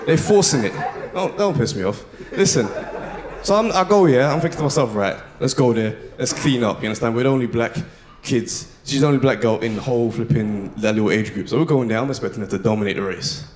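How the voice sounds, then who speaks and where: A young man doing a slangy, animated stand-up comedy set. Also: medium pitch, fast talker. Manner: animated, slangy, swings into loud shouted bits. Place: live comedy venue with audience.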